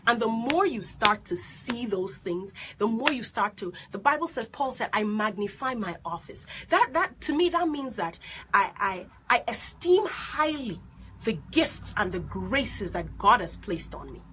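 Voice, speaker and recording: A woman life coach with a loud, strident voice and an unusual mixed accent, telling her story in an excitable, animated way during a live stream. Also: a little high, measured pace, slight background noise. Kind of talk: live-streamed motivational talk.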